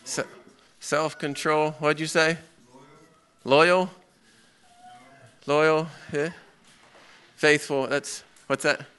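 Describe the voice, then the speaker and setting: A man teaching a Bible class in a lively way. He tells a story and keeps asking his listeners questions. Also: on the high side, extremely slow, long pauses, clean tone. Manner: lively, asks the audience questions, acts out a story. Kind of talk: interactive sermon with storytelling.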